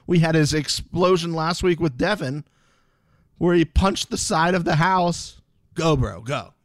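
A man's voice: on the high side, unhurried, no echo, clean studio sound. A man co-hosting a casual reality show recap podcast, talking in an easygoing way with lots of fillers. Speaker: podcast co-host.

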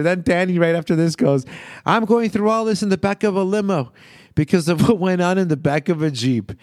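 A man casually recapping a sitcom episode, animated and profane, often laughing and acting out quotes. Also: a little high, dry recording, clean studio sound. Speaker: podcast host recapping a sitcom.

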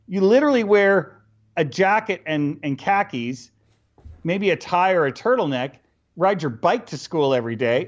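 A middle-aged man telling stories casually as an interview guest, animated and acting out bits of dialogue with laughs. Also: high-pitched, moderate pace. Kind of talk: casual storytelling. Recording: dull lo-fi recording.

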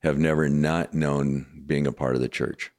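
Very deep-voiced middle-aged man reflecting. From Washington state, USA. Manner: reflective, steady storytelling with frequent pauses. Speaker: executive pastor, guest. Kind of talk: telling his life story in a podcast interview.

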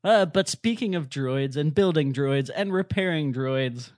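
Chatty podcast co-host, dry close mic. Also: male voice, a little high, lively intonation, a little slow, a little mellow, dry recording. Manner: chatty, enthusiastic, with many fillers and restarts. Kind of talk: casual chat.

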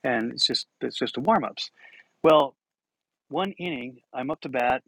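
A man's voice: medium pitch, unhurried, creaky, a bit bright, no room sound, rough recording. Man telling a self-deprecating story. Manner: self-deprecating, chuckling as he tells it. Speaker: podcast host. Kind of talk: casual personal storytelling.

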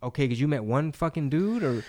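Profane, animated young man. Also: a little high, fairly quick. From Texas. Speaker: podcast co-host. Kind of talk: casual podcast chat.

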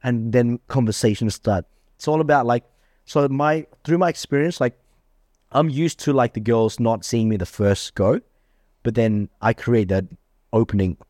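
A man's voice: mid-range voice, moderate pace, a little mellow, dry recording, clean studio sound. A man hosting a casual chat, bragging and acting out his own dialogue in a raised voice. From Australia. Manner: boastful, acts out quoted dialogue in a raised voice. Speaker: podcast host.

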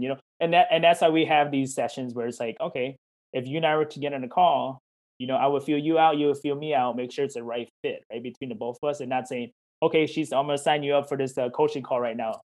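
A man speaking as a life coach over a video call, his voice sitting in an ordinary middle range. He talks casually and encouragingly, slipping into quoted back-and-forth to make his points. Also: medium pitch. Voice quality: warm, encouraging, talks in questions and quoted dialogue. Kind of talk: interview answers, casual chat.

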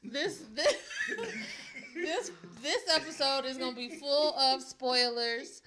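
A woman's voice: high voice, sharp tone, a little hiss or hum. A woman co-hosting a casual podcast, laughing often as she talks with friends. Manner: laughs often, slow and drawn out. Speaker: podcast co-host. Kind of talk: casual chat.

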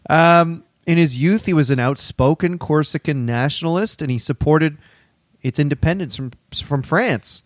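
A man's voice: a little high, normal speed, dry recording, clean studio sound. A man co-hosting a comedy podcast, laying out history from notes with fillers and frequent laughs. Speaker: co-host. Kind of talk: casual comedic podcast chat.

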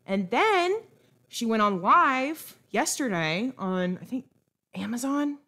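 A woman's voice: on the high side, sing-song, slow, bright, forceful tone. A young woman co-hosting a podcast, chatting casually and ranting bluntly about celebrity gossip. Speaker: podcast co-host. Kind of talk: casual chat.

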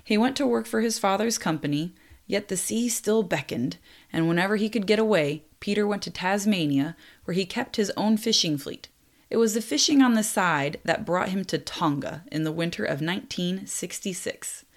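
A young woman narrating a true story in a lively way, with apologetic, self-deprecating asides. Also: mid-range voice, moderate pace. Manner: lively, laughs at own slips, apologetic asides.

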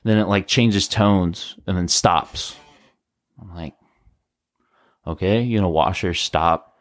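A man co-hosting a podcast, casually telling a ghost story in a rambling, animated way, full of "like" and "bro". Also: low voice, slow pace, dry recording. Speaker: podcast co-host.

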